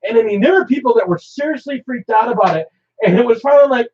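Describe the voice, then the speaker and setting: A man's voice: extremely high pitch, animated, fast talker. A man hosting a live stream, chatting casually in a rambling, joking way with frequent laughter. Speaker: host. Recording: dull lo-fi stream audio.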